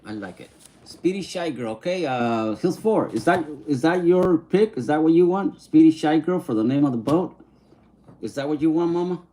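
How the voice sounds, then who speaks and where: A man's voice: a little high, expressive, warm tone. A man chatting casually on a livestream, reading viewer comments and mixing English and Spanish slang. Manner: easygoing, mixes English and Spanish slang, sounds out names slowly.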